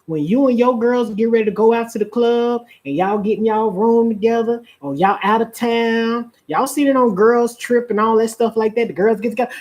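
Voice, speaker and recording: A woman's voice: fairly high pitch, moderate pace, few pauses, a little mellow. A woman giving relationship advice on a live stream. She keeps asking her audience rhetorical questions and drawls out the phrases she wants to stress.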